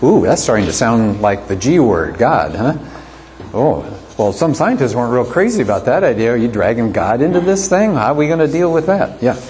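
A man's voice: mid-range voice, big pitch swings, fairly quick, a little mellow, a little hiss or hum. Man lecturing a class with questions. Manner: conversational, asks rhetorical questions. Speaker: teacher of an apologetics class.

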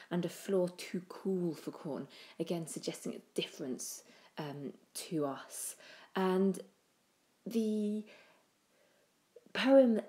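A woman giving a poetry analysis lesson, thoughtful, with pauses and restarts, often trailing off quietly. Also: on the low side. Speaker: teacher.

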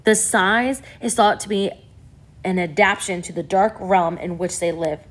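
A woman voicing a learned, excitable male scientist who explains things in a lecturing way. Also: medium pitch, normal speed, lightly acted.

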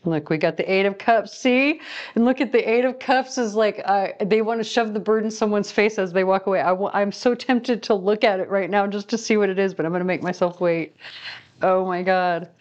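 A woman giving a casual, rambling tarot reading to camera, chatty and quick to laugh at herself. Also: mid-range voice, fairly even intonation, lo-fi sound. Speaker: tarot reader.

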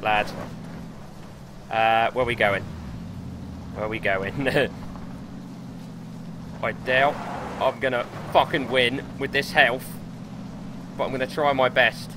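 A young man streaming gameplay live, excitable and swearing as he talks himself through the match. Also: medium pitch, slow pace, pauses often, noisy background. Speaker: gaming streamer.

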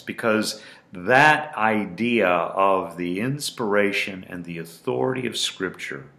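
Deep-voiced, slow, emphatic male preacher. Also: bright, forceful tone. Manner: deliberate, emphatic preaching with repeated phrases. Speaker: pastor. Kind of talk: sermon. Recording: roomy echo.

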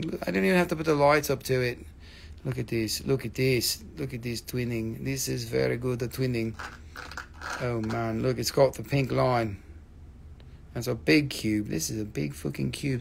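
A man's voice: medium pitch, vocal fry, a little hiss or hum. A man hosting a live rock sale stream, joking and swearing as he goes. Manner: joking, profane, animated. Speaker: livestream rock seller. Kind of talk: live sales stream, casual chat.

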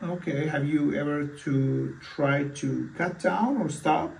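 Slow and gravelly, with a fairly high pitch, a man acts out a physician's role in a mock consultation, hesitating through many fillers and restarts. Recorded far off in an echoey room, the clip has a little hiss or hum.

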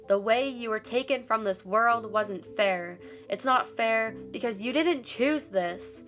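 A teenage girl delivering a spoken-word monologue as a student narrator, in an earnest, deliberate voice heavy with grief. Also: a little high, fairly bright tone, faint music behind. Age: late teens.

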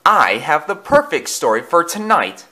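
A man's voice: a little high, very animated, moderate pace, pushed and bright, pitched above the performer's own voice, exaggerated voice. A man voicing a vain, sly male engine who loves pranks. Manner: sly, teasing.

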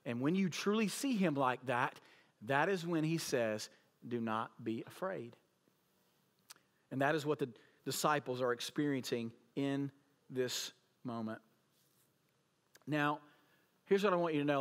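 A male pastor preaching a sermon, emphatic, swinging between loud declarations and hushed lines. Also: medium pitch. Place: church auditorium.

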